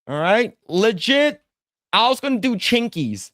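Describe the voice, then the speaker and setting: A man co-hosting a podcast chats casually while drawing on stream, rambling, repeating himself and swearing freely when annoyed. His high voice is sing-song, unhurried and fairly bright, captured in a dry, studio-quality recording.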